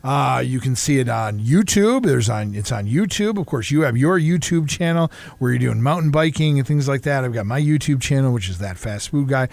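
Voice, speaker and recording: Gravelly male radio co-host. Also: animated, normal speed, hardly any pauses, no echo. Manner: laid-back, drops low and quiet to tell a joke. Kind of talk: casual radio banter.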